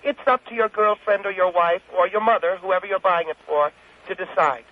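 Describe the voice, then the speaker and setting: A man puts on a chatty middle-aged woman who dotes on the caller as she lectures him. Her voice sits high and prim. The sound is muffled, like an old talk-radio tape. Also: fairly quick, lightly acted. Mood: advising. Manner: fussy, motherly, calls people darling. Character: chatty middle-aged woman giving bra-shopping advice. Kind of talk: comic radio call-in bit. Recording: dull, muffled radio recording.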